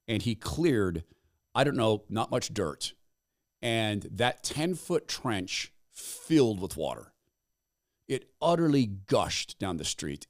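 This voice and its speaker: A middle-aged man hosting a podcast, telling a story in a casual monologue and acting out the people he quotes. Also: medium pitch. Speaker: podcast host.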